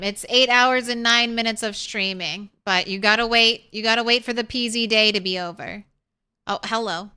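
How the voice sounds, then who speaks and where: A woman's voice: fairly high pitch, bright, forceful tone, smooth. A young woman streaming a video game, chatting casually with viewers and talking sweetly to her cat. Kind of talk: casual live-stream chat.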